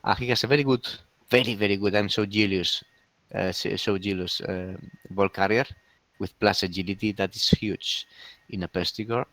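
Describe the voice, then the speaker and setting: A man co-hosting a casual game league recap, talking with many pauses and restarts. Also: fairly low pitch, steady tone, a bit bright, dry recording. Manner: hesitant, many fillers and restarts.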